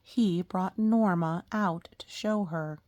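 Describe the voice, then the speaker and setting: A woman's voice: on the low side, slow, highs cut off. A woman reading a picture book aloud to children and chatting about the pictures between passages. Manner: animated, talks to young listeners about the pictures. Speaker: storybook reader.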